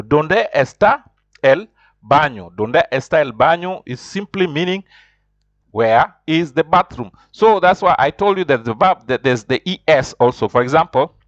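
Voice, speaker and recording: A man teaching a beginner Spanish lesson, repeating phrases slowly, with many restarts. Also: mid-range voice, dry recording, dull audio. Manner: slow, repetitive drilling of phrases; frequent restarts and fillers. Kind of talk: spoken language lesson.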